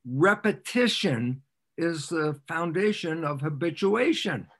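A man speaking as a guest scientist on a podcast, an animated storyteller who repeats phrases for emphasis and acts out little exchanges. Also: on the high side, takes it slowly. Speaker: podcast guest, cell biologist. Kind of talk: explanatory interview talk.

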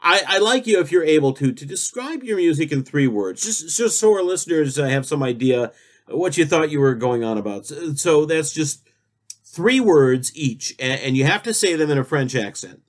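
Lively, rambling comic talk-show host, male. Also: a little high, moderate pace. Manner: rambling, absurd deadpan banter. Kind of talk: spoof talk-show interview.

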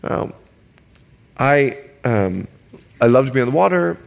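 A male pastor from the Bahamas preaching a sermon. He stretches key words slowly for emphasis and jokes with the congregation. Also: medium pitch, sing-song, creaky.

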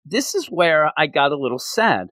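A man chatting and recapping a story with a lot of life in his voice. His pitch swings widely and his tone is bright, and the sound is close and dry. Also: moderate pace, no echo. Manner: animated retelling, acting out characters' lines. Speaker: podcast co-host. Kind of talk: casual chat recapping an anime episode.

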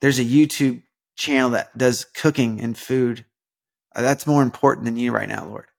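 A young man hosting a casual devotional podcast, talking in a rambling, earnest way with lots of fillers, restarts and sudden animated emphasis. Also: medium pitch, moderate pace, gravelly. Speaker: podcast host.

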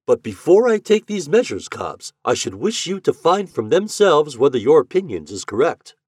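A man's voice: fairly high pitch, very animated, moderate pace, darkish tone, husky, no echo, studio quality, pitched above the performer's own voice. A man voicing a decisive innkeeper giving firm instructions. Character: decisive male innkeeper, the "governor".

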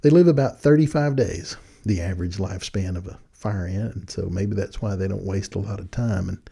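This podcast host from Texas speaks briskly in a low-pitched, warm voice that's creaky with a breathy edge. Using a studio mic and headphones at his desk, he offers folksy, casual reflections and chuckles at what he says.

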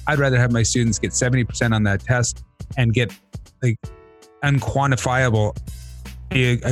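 A man who teaches, co-hosting a podcast in earnest, casual chat, saying "like" often. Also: medium pitch. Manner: earnest, uses "like" often, laughs easily.

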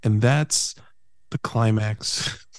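A man's voice: lowish voice, extremely slow, dry recording, studio quality. A man co-hosting a podcast, recapping a film's plot in a sarcastic, casual way with plenty of swearing. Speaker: podcast co-host. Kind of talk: casual movie recap chat.

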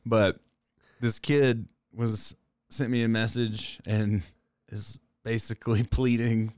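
A man with a fairly low voice tells rambling stories in casual podcast chat, swearing freely and often breaking into laughter. His voice is recorded close and dry, with no room sound around it. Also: level tone, slow pace, darkish tone, no echo. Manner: profane, storytelling, laughs often. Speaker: podcast co-host.

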